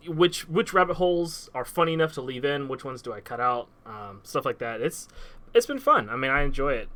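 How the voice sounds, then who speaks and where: Bright-voiced man rambling in casual chat. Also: medium pitch. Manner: rambling, trails off quietly mid-thought. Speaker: podcast co-host.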